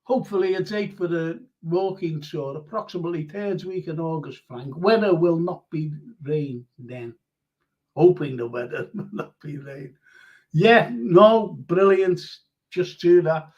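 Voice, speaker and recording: A man's voice: a little high, measured pace, darkish tone. An older man from Liverpool with a Scouse accent, hosting a live show in casual, rambling chat with many fillers and restarts. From Liverpool, England. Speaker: radio show host reading listener comments. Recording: dull lo-fi stream audio.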